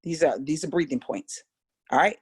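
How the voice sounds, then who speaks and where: A middle-aged woman with an American accent teaching a casual voice lesson, animated and coaxing, chatting straight to her students. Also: deep voice, moderate pace, husky. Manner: animated, coaxing, demonstrates exercises aloud. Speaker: vocal coach.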